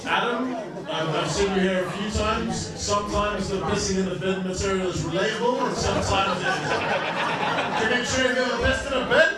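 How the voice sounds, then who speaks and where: A man's voice: high voice, a little fast. A man hosting and judging a live comedy night, joking frankly and giving blunt feedback to acts. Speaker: comedy show host and judge. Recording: very echoey club, distant mic, loud crowd.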